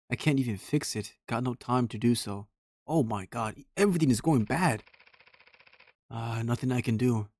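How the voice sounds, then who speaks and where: A man's voice: mid-range voice, a little mellow, no room sound. Man chatting through a horror game. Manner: talks to himself, reads game text aloud. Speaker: streamer playing a horror game. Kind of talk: casual let's-play commentary.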